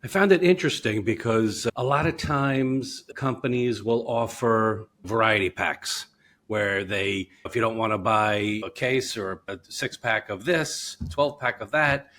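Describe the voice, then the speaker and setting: A man's voice: on the low side, a little slow, fairly bright tone. A man hosting a podcast who reacts with enthusiasm and asks the guest follow-up questions. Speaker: podcast host. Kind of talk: casual interview chat.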